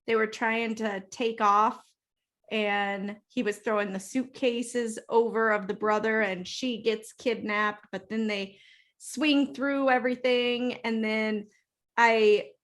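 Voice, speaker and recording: A woman co-hosting a casual movie review podcast, laughing often and acting out characters in quick funny voices. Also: a little high, fairly even intonation, a bit bright. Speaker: podcast co-host.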